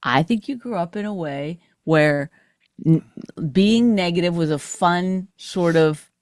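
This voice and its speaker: A woman's voice: on the low side, measured pace, a little mellow, dry recording, studio quality. A middle-aged woman from Canada co-hosting a podcast, bantering and arguing playfully with her husband and often mimicking him. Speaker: podcast co-host. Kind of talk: casual banter with spouse.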